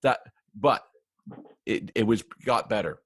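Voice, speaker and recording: Guy with a lowish voice telling event producer stories, lots of restarts, dry sound. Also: takes it slowly, slightly rough, dry recording. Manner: animated anecdotes with many restarts. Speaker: guest, live event AV producer. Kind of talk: casual storytelling interview.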